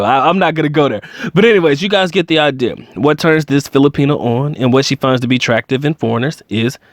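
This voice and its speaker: Chatty man, slightly high, dry sound. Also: no echo. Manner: conversational, many fillers, chuckles often. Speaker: channel host. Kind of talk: casual commentary to camera.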